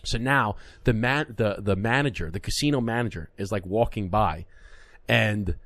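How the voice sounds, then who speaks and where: A man's voice: lowish voice, moderate pace, dry recording. A man in his thirties co-hosting a podcast, telling a story in casual chat and acting out the other people in it. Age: 30s. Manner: animated, acts out the voices in his stories. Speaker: podcast co-host. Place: podcast studio.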